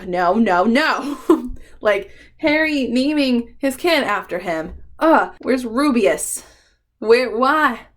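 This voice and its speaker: A woman doing a casual book tag vlog, chatty and emotional, swearing freely and laughing between remarks. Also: on the high side. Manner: emotional, fond rambling with frequent ums. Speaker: book vlogger.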